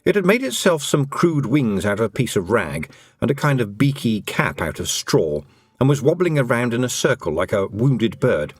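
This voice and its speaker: A male narrator reads an audiobook in an expressive storytelling style. His pitch is middling but moves a lot, and the recording is dry and close. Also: unhurried, no echo.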